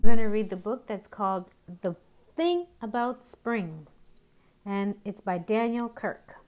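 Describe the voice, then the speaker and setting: A woman educator reading a picture book aloud to young children, gently pointing out the pictures. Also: mid-range voice, expressive, measured pace. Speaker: early years educator.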